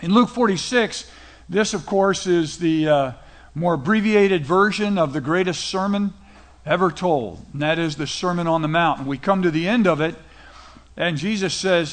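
High-voiced man preaching casually. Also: normal speed. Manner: conversational preaching, retells scripture in casual paraphrase. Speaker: pastor. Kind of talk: sermon.

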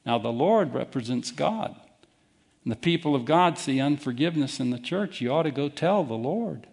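A man preaching a sermon as pastor, emphatic and deliberate, challenging his listeners directly. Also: mid-range voice, animated, creaky, darkish tone, husky.

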